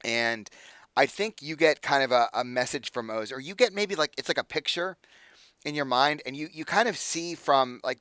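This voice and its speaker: A man running a tabletop game, talking in a loose, rambling way full of fillers. He has a medium pitch and a dry, close sound. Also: dry recording. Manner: relaxed, rambling, many "like"s. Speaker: game master.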